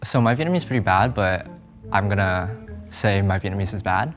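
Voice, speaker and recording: Guy in a group chat being real candid, pokes fun at himself, lowish voice. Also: fast talker, music in the background. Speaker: panel participant.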